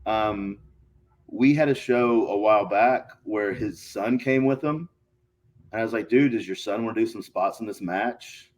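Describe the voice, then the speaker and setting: A man, a guest on a casual podcast, telling stories in a profane, animated way and acting out quotes. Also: on the low side, measured pace. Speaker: guest, pro wrestler.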